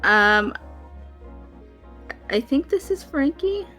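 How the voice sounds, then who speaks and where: A woman co-hosting a podcast, recapping comic panels in a slow, halting way full of fillers. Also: sits high, very animated, bright, forceful tone, faint music behind. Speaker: podcast co-host. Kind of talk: casual reading of comic panels.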